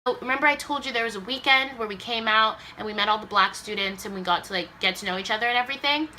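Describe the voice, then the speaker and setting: A woman's voice: a little high, fast, bright, forceful tone, slight background noise. A young woman from Los Angeles telling an emotional story in a casual vlog, saying "like" a lot and acting out the people she quotes. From Los Angeles area, US. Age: young adult. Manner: emotional retelling, acts out quoted voices, says "like" a lot. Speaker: vlogger.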